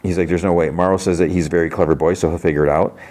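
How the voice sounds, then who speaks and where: A man's voice: low voice, fairly even intonation, racing, a little mellow. A man hosting a podcast, casually retelling a TV episode and quoting the characters' lines. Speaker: podcast host.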